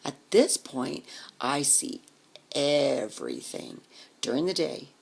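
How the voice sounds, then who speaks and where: A woman with a deep, gravelly, slightly husky voice tells a personal story straight to the camera. She talks casually and swears a lot. She acts out the people she met, and sometimes she drops to a whisper. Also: wildly swooping pitch, takes it slowly, a little mellow. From Denver area, US. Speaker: vlogger.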